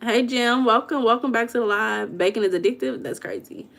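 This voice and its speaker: Speaking a little fast, this livestream host has a fairly high, gravelly voice with a fairly bright tone. She chats freely, reads and replies to viewer comments, and tells stories dramatically.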